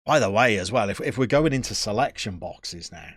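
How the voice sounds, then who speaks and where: A man's voice: on the low side, expressive, brisk, a bit bright, breathy edge, dry recording, clean studio sound. Chatty man streamer. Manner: chatty, joking, opinionated banter. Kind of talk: casual chat answering live chat.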